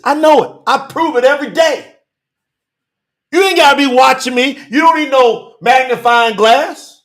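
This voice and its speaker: A man preaching a sermon, reading scripture verses and commenting on them with emphatic rhetorical questions and bursts of shouting. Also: extremely high pitch, moderate pace. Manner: breaks into shouting.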